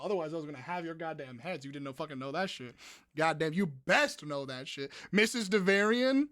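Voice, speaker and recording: A woman hosting a live-stream trivia game in a wildly animated voice that swoops up and down. She is excitable and foul-mouthed, bursting into shouts and high squeals, with faint music playing behind her. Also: moderate pace.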